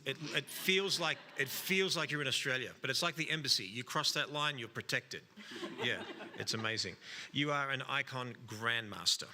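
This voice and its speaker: A man's voice: mid-range voice, moderate pace, bright, forceful tone, slight background noise. A man moderating a live judging panel, joking and bantering with the judges. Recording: long hall reverb.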